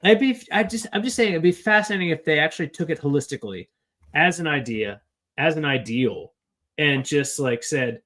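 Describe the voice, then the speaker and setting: A tipsy man co-hosting a podcast, rambling and halting through his thoughts about a book series, with lots of fillers. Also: on the high side, expressive, a bit bright. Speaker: podcast co-host. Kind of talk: casual book discussion.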